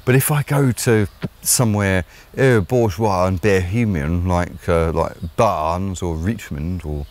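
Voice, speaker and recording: A man's voice: low-pitched, unhurried, darkish tone. A man with an English accent giving opinionated solo commentary, rambling and hesitant with lots of fillers and blunt, sardonic asides. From England. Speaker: vlogger host.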